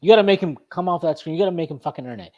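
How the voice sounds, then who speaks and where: A man's voice: a little high, lively intonation, rapid-fire, narrow, tinny audio. A man hosting a postgame sports talk show, ranting emphatically and profanely, often restarting and repeating his phrases. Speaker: sports podcast host.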